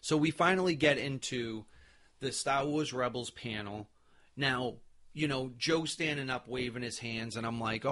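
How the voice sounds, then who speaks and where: A man hosting a podcast, telling a convention story in an excited, animated way with many fillers. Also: lowish voice. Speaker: podcast host. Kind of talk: casual storytelling recap.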